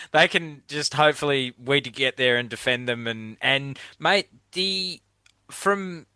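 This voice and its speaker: A man's voice: mid-range voice, pushed and bright, clear, resonant tone, no echo. A man in his forties with an Australian accent, hosting a podcast in an earnest way and calling his guest mate. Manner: earnest, keeps saying mate. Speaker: podcast host. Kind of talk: casual conversational interview.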